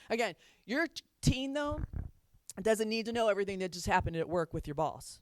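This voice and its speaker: A woman's voice: medium pitch, animated, moderate pace, no room sound, studio quality. A woman counselor giving a chatty talk on parenting to an audience, laughing often as she makes her points.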